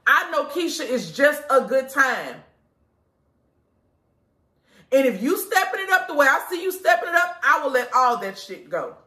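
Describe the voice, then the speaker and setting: A woman who owns a lingerie store, doing a casual live product pitch to her customers, blunt, profane and preachy. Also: sing-song, normal speed, sharp tone, echoey room. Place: inside her shop.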